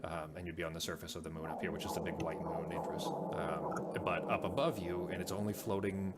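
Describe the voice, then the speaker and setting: Fast-talking game master with a deep voice. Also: male voice, level tone, very noisy. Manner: rambling, with fillers and restarts. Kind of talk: narrating a tabletop game.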